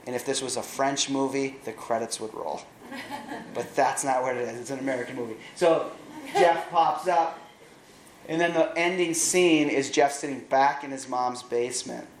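A man preaching, retelling a film's plot in an animated way with wry asides. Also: medium pitch, normal speed, reverberant, slight background noise, poor audio. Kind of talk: sermon storytelling.

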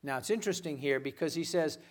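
A man preaching a sermon as a guest pastor, earnest and given to repeating words, dropping to a hush when he quotes names. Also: on the high side, fast.

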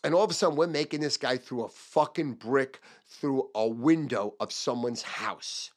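A middle-aged man, telling a profane story in an animated, emphatic way with lots of repetition. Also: mid-range voice, normal speed. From Long Island, New York.

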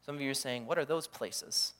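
A man preaching a sermon as pastor, animated, acting out the voices he quotes. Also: mid-range voice, brisk. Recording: long hall reverb.

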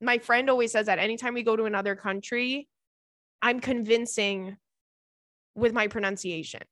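A young adult woman hosting a podcast, telling stories in a casual, animated way, laughing often and acting out what her friends said. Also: on the high side, normal speed, no room sound, clean studio sound. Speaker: podcast host. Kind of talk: casual storytelling chat.

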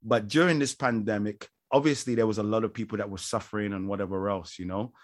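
A man's voice: on the low side, fairly even intonation, fast, no room sound. A man co-hosting a podcast in casual chat, rambling and joking and often breaking into laughter. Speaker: podcast co-host.

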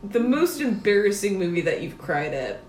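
A woman's voice: medium pitch, big pitch swings, a little mellow, echoey room, a little hiss or hum. A woman in casual chat who laughs easily and often. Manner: giggly, quick to laugh.

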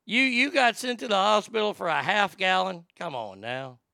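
A male talk show host rants sarcastically, swearing freely as he mocks the news. His voice is bright and gravelly yet smooth, recorded dry and close. He sits a little higher than most men. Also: lively intonation, moderate pace, no echo. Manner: profane, sarcastic ranting. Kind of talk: comedic talk show rant.

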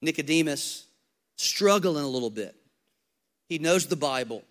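High-voiced energetic man preaching. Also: a little slow. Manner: humorous, storytelling, swings from loud to hushed. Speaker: pastor. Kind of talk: energetic sermon.

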